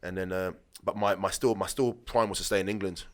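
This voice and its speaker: A former footballer in his late thirties, appearing as a podcast guest, tells rambling anecdotes casually, with restarts, acting out the dialogue he quotes. His voice is deep and steady in tone, moving fairly quickly.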